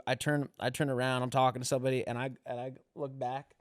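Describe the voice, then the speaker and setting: A young comedian from the rural Western US, who grew up rodeoing, hosts a podcast where he tells rambling, profane stories and voices the characters in them. He talks fast at medium pitch with little pitch movement, and there's no echo in this casual storytelling chat.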